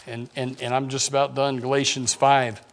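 A man's voice: mid-range voice, level tone, moderate pace. A man preaching a conversational sermon as pastor, with repeated restarts and joking asides.

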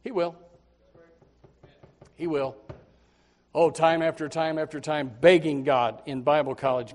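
A Baptist preacher, preaching a sermon and swinging between low asides and loud pleading, often repeating words as he starts a phrase. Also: steady tone, unhurried, long pauses.

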